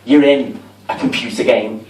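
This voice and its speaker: A man's voice: mid-range voice, steady tone, moderate pace, darkish tone. A man with a Liverpool accent doing a camp, chatty, self-mocking stand-up set in a comedy club. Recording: roomy, distant, with crowd noise.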